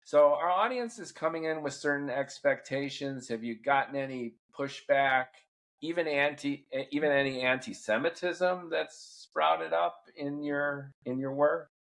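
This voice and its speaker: A middle-aged man hosting a podcast, asking long, thoughtful questions at a measured pace. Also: a little high, creaky, fairly bright tone. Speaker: podcast host. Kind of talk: interview questions and commentary.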